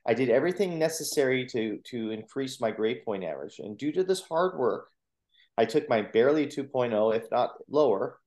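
A man, a motivational coach and speaker, earnestly telling his personal story in a podcast interview, with lively retellings of what people said. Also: mid-range voice, normal speed. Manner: earnest, animated retelling with acted quotes. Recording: roomy echo.

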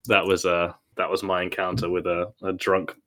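Bright-voiced young man. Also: low voice, completely flat delivery, moderate pace. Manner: rambling and giggly, acts out quoted people. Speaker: podcast co-host. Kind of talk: casual storytelling chat.

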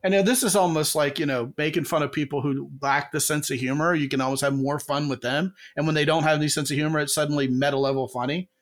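A man hosting a podcast in casual chat, telling animated stories and acting out quotes in a raised voice. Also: fairly high pitch, fast talker, few pauses.

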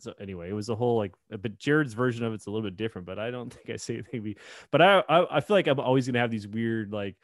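A man's voice: fairly low pitch, very fast, dry recording, clean studio sound. A man co-hosting a podcast, telling a rambling anecdote in casual chat, with many restarts and bursts of laughter. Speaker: podcast co-host.

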